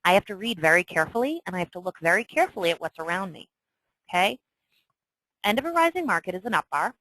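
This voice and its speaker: A woman teaching a trading lesson in a chatty way, walking through a chart and checking in often with "okay?", with excitable asides. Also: lowish voice, quick pace, dry recording, rough recording. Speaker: trading instructor. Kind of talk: screen-share lesson walkthrough.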